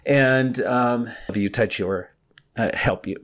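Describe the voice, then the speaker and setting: A man's voice: mid-range voice, unhurried, fairly bright tone. An older man hosting a podcast, telling his own stories in a chatty, rambling, gossipy way. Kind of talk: casual storytelling monologue.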